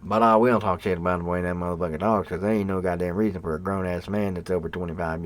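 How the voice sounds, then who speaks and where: A man hosting a livestream, rambling and cursing with bursts of loud mock outrage at his live chat. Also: low voice, fast talker, few pauses, a little hiss or hum. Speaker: livestream host. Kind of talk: casual profane rant to live chat. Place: room at home.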